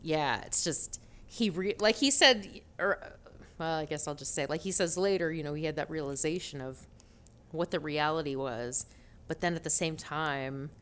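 A woman co-hosting a podcast in casual chat, giggly and animated, laughing often. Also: low voice, normal speed. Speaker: podcast co-host.

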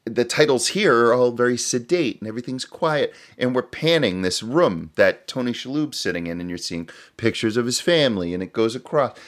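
A man co-hosting a casual podcast, picking apart a film he watched. His voice rises and falls a lot, and he breaks into laughter as he acts out scenes. His pitch sits in the middle for a man. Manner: animated, laughs often, acts out quotes from scenes. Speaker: podcast co-host reviewing a film. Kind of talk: casual chat.

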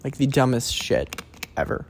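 A man's voice: medium pitch, big pitch swings, normal speed, a little hiss or hum. Young man, solo podcast host, rambling, self-deprecating, stammering restarts, casual cursing.

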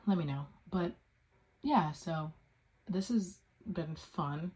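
A woman's voice: on the low side, moderate pace, darkish tone. A young adult woman hosting a casual solo podcast from home, rambling with lots of fillers and casual swearing. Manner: rambling, full of "like" and "um", swears freely. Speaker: podcast host.

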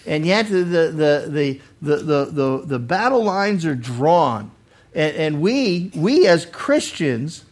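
A male pastor preaching a Bible study sermon in an earnest way, often repeating words as he restarts. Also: on the high side. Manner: acts out quoted speakers with sudden loud lines.

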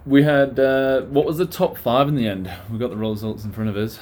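A man hosting a relaxed casual chat, asking his guests questions. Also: mid-range voice, a little fast. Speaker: host.

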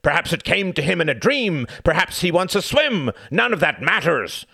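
A man's voice: on the high side, moderate pace, vocal fry, breathy edge, no room sound, studio quality, full character voice. A man voicing a blunt, scornful aging British statesman in an audiobook, arguing emphatically. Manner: emphatic, lively argumentative delivery. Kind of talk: audiobook character reading.

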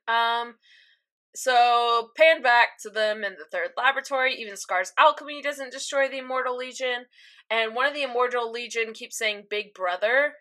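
A young woman co-hosting a casual podcast, chatting in a giggly way with quick asides while recapping an episode. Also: on the high side, pushed and bright. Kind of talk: casual chat.

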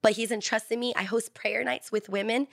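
A woman's voice: on the high side, steady tone, moderate pace, creaky, dry recording, clean studio sound. A woman sharing her faith testimony in a podcast chat, earnest, often acting out what God and other people said to her.

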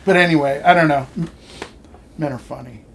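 A man's voice: a little high, a little fast, fairly bright tone. A man chatting casually and laughing often, his speech full of likes and you knows. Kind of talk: casual chat.

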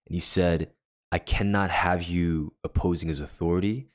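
A man's voice: deep voice, fairly even intonation, moderate pace. A man co-hosting a faith podcast, earnestly telling a personal story in casual chat and acting out what others said. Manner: earnest, acts out quoted dialogue. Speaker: podcast co-host.

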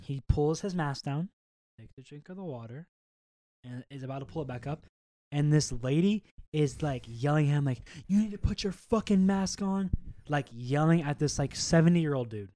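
A young man co-hosting a podcast, telling stories in a casual, animated way and swearing often. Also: a little high, moderate pace, no room sound. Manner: animated storytelling, swears a lot. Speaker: podcast co-host. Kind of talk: casual chat.

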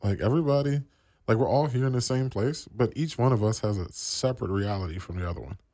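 A man's voice: mid-range voice, quick pace, warm tone, dry recording, studio quality. A man from the East Coast of the US hosting a radio show, talking casually and slangily with many fillers.

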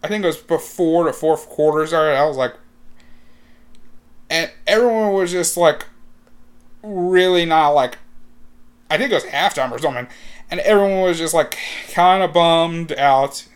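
Rambling high school guy, excitable. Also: measured pace, long pauses, clean tone. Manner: rambling, full of "like" and restarts, bursts of excitement. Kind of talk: casual storytelling.

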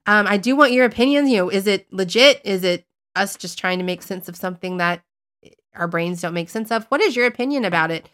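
A woman co-hosting a casual podcast about paranormal investigation, telling her stories in a chatty, animated way and poking fun at herself. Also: mid-range voice, a little fast. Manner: chatty, animated storytelling, self-mocking. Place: based in Northeast Florida.

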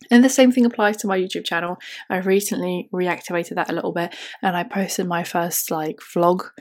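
A woman with a slight non-native accent hosts a reflective solo podcast, recorded on a simple computer mic. Her voice sits a little low, and she speaks earnestly and encouragingly, now and then acting out her own inner doubts. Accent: slight non-native English accent. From outside the UK, moved to the UK young. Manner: earnest, self-encouraging, talks to herself in quoted asides. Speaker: podcast host. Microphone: simple computer microphone.

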